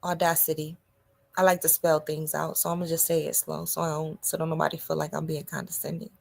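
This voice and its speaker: Woman, podcast host, comedic monologue, loud and animated, gravelly. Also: deep voice, fast talker. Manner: loud, animated, talking to listeners.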